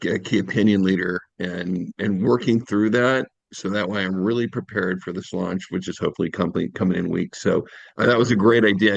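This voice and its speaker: A man's voice: deep voice, creaky, no room sound, muffled recording. A man in medical sales making a friendly, hesitant comment in an online workshop over a video call. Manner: friendly, hesitant, many fillers and restarts. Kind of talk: casual comment in an online meeting.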